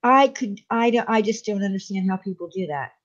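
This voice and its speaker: A woman's voice: mid-range voice, brisk, dull audio. A woman joining a casual online panel as a guest, talking hesitantly with lots of fillers. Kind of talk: casual group chat.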